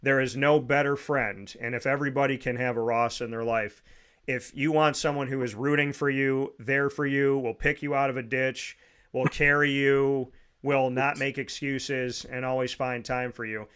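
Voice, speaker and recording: Male sports show host, chatty, upbeat, sincere, average pitch. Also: fairly even intonation, normal speed, a bit bright, clear, resonant tone. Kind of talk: casual sports talk show.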